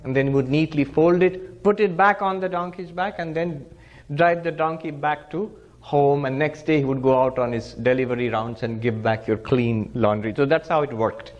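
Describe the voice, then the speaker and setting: A monk gives a spiritual discourse, telling stories animatedly and laughing and chuckling as he teaches. His voice is on the high side at normal speed, and the recording is muffled.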